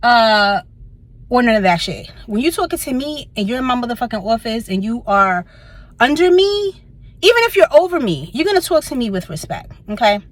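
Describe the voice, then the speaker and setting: A woman's voice: a little high, expressive, fairly quick, fairly bright tone, no room sound. A woman with a Brooklyn accent telling a workplace story in a casual vlog, sassy and blunt, swearing freely. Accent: Brooklyn, New York. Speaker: vlogger. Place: car in a parking lot.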